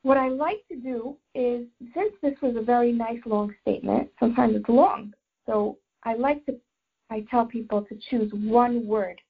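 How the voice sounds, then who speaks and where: High husky woman teaching a class. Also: normal speed, narrow, tinny audio. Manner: warm explanatory teaching, repeats phrases while thinking. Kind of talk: Torah class with life coaching.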